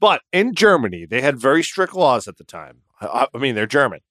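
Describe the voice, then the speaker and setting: A man's voice: mid-range voice, fairly quick, no room sound, clean studio sound. A man hosting a comedy podcast, casually telling a history story and acting out the characters in it. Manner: animated, acts out characters in the story.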